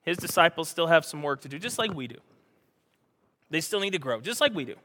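A male pastor preaching a sermon, animated and joking, acting out the scripture he reads. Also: fairly high pitch, fairly quick, in a large hall, a little hiss or hum.

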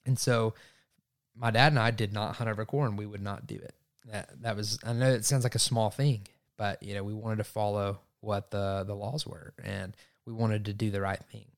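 Animated young man telling a story. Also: fairly low pitch, moderate pace. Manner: animated, acts out his own thoughts. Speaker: podcast host. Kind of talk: casual storytelling.

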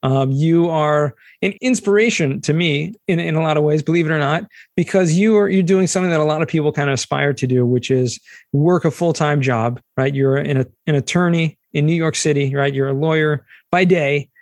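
A man's voice: on the high side, fairly quick, a little mellow, dry recording. Upbeat man hosting a podcast. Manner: enthusiastic, upbeat. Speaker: podcast host. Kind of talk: podcast interview.

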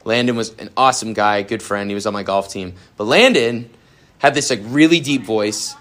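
A young adult man giving a youth sermon in a casual, animated way, with many fillers. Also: lowish voice, moderate pace. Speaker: youth pastor.

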